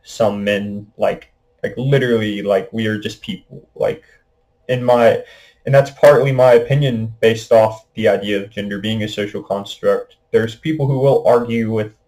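A man's voice: on the low side, steady tone, moderate pace, a little mellow, low-quality recording. A young man hosting a casual monologue podcast, rambling with lots of fillers. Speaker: podcast host.

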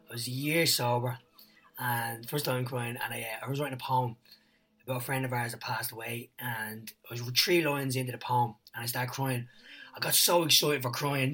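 A man, a guest on a chat podcast, telling stories in an excitable, rambling way and swearing freely. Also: medium pitch, slightly rough, distant mic, rough recording.

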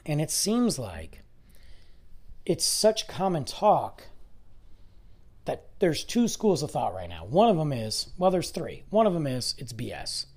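A podcast host in their forties, slightly hoarse from losing their voice, talking in a rambling, speculative and emphatic monologue. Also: medium pitch, big pitch swings, a little slow, darkish tone. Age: 40s. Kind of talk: casual monologue.

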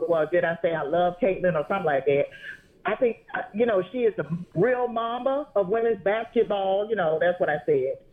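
Excited rambling woman on a phone line. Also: fairly low pitch, a little fast. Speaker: phone-in guest, writer. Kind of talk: casual phone interview.

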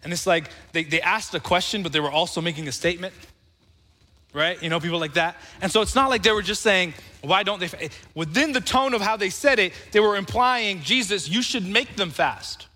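A man's voice: high-pitched, a little fast, sharp tone, long reverb tail. A man preaching a sermon as pastor, talking conversationally and calling on the congregation to answer back.

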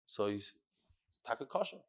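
A man teaching a Talmud class, telling stories in a lively way and sprinkling in Hebrew and Yiddish terms. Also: mid-range voice, moderate pace. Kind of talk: animated storytelling lesson.

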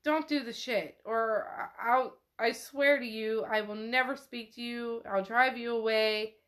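A shaken young woman doctor, defensive and flustered, as a woman acts her out. Her voice is high and quick, pushing past her fear. The setting is a casual podcast retelling. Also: steady tone, a bit bright. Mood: pleading.

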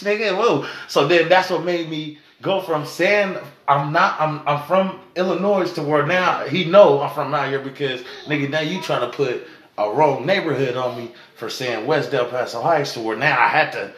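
A man telling a story on a casual podcast, acting out both sides of a quarrel with loud, lively voices. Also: a little high, moderate pace. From Sacramento area. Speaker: podcast co-host. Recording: echoey room.

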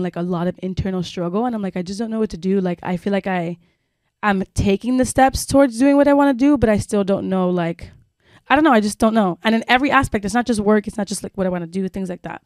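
This woman co-hosts a conversational podcast, rambling through a personal story heavy with "like" and swear words. Her voice is mid-range with a darkish tone, and the close, dry recording has no room sound.

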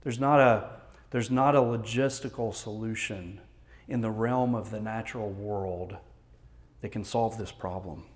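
Texan pastor preaching an earnest sermon. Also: male voice, fairly low pitch, unhurried.

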